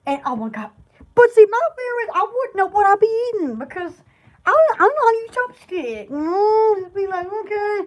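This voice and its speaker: High-voiced, giggly Southern woman. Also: big pitch swings, normal speed. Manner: rambling and giggly. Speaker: country store owner. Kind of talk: casual live-stream chat.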